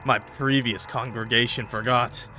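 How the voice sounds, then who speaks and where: A man's voice: medium pitch, steady tone, a little slow, pushed and bright, soft background music. A man reading out a game's demanding male cult god in a grave, commanding tone. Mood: solemn.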